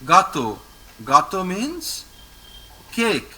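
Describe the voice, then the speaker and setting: A man leads a French lesson in a bright, high voice that rises and falls a great deal. He talks slowly and patiently, repeating each word and praising his student often. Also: huge pitch swings, poor audio. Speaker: French teacher. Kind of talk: online language lesson with a student.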